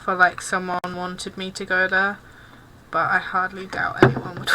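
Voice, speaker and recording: A woman's voice: on the low side, monotone, normal speed, background noise. A young English woman streaming while she crafts, chatting casually and awkwardly, apologising often. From England. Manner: self-consciously awkward and apologetic. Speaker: cosplay streamer.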